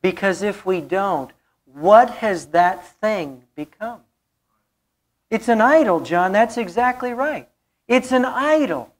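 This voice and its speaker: A woman preaches a storytelling sermon at a slow, deliberate pace. Her voice sits at an ordinary middle pitch. She is earnest and drives her points home by repeating phrases. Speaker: pastor.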